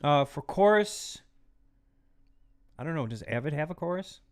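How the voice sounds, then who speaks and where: A man hosting a live stream who teaches music mixing in a chatty, casual way and often drops into quiet muttered asides while he works. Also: fairly high pitch, expressive, moderate pace, clean tone. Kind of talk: casual live tutorial talk.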